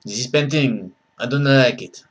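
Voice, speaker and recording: A man's voice: mid-range voice, a little slow, lightly acted. A man voicing a disdainful French art critic with an exaggerated French accent.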